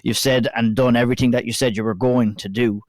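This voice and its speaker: An Irish man hosting a podcast interview, asking measured questions and complimenting his guest. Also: mid-range voice, fairly even intonation, no echo, studio quality. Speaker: podcast host.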